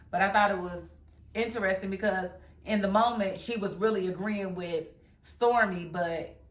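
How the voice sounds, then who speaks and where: A sassy woman talks through a reality show, slipping into the voices of the people on it with plenty of attitude. Her voice sits in the middle of the range. The room around her rings with a noticeable echo. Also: mid-range voice. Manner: sassy, animated, acts out cast members' lines. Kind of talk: casual commentary. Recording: roomy echo.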